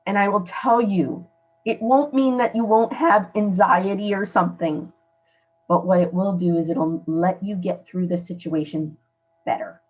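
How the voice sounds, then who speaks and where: A woman's voice: mid-range voice, a little slow. Lady podcast host chatting earnestly, kinda muffled lo-fi sound. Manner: earnest, emphatic, conversational. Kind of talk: casual coaching talk.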